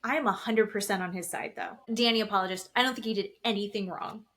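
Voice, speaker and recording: Here a podcast co-host talks fast in a mid-range, fairly bright voice with fairly even intonation. She's casually going over a reality TV show, cursing as she goes and performing the cast members' lines as she retells them.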